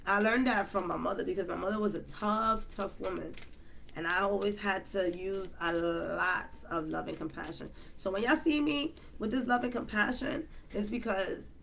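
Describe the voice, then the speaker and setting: A woman's voice: medium pitch, moderate pace, gravelly, fairly bright tone, slight background noise. A woman reading tarot cards in a casual, chatty way, talking straight to her viewers with lots of slang. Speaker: tarot reader.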